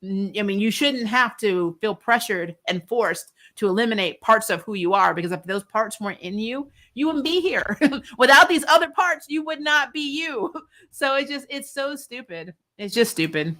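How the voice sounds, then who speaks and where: A woman hosting a casual live stream, chatting and answering viewer comments, with frequent laughs and quick asides. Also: medium pitch, expressive, a bit bright. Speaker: YouTube host discussing a TV series.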